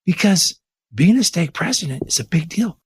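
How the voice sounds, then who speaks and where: A man from the Bay Area of California, an interview guest telling a personal story in an earnest, animated way and posing rhetorical questions. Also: sits high, moderate pace, husky, no room sound, clean studio sound. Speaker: interview guest, church leader. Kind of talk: conversational storytelling.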